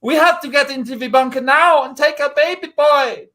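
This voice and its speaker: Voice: high voice, normal speed, fairly bright tone. Someone doing a doting 1960s housewife. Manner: gushing, sweetly agreeable. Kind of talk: improvised comedy.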